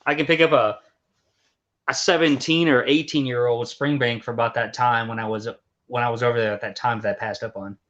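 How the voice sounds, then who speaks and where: A man talks easily as a guest on a live stream, relaxed and agreeable as he weighs things up. His middle-pitched voice comes through slightly dull, lo-fi audio. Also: a little fast. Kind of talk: casual chat.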